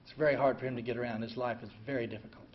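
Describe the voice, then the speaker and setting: An older man telling his own recovery story in an emotional way, going from hushed to loud. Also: medium pitch, fairly even intonation, very fast. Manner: emotional, swings from quiet to loud and laughing. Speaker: veteran speaker sharing a recovery story. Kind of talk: personal storytelling talk. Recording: dull lo-fi recording, faint ambient noise.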